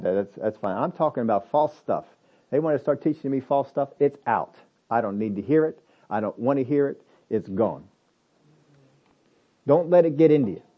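A man preaching a sermon, stressing points hard, then dropping to low asides, with many rhetorical questions. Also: lo-fi sound. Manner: emphatic, swings between loud stresses and low asides. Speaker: pastor.

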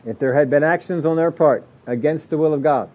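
A man's voice: fairly high pitch, brisk. Plain-spoken preacher man, lo-fi recording. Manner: plain-spoken, acts out imagined excuses in varied voices. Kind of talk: sermon. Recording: dull lo-fi audio recording.

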